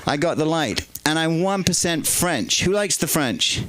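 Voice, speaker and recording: A man's voice: fairly high pitch, lively intonation, a little slow, fairly bright tone, rough recording. A man doing crude stand-up comedy in a club, chatting with and teasing the crowd.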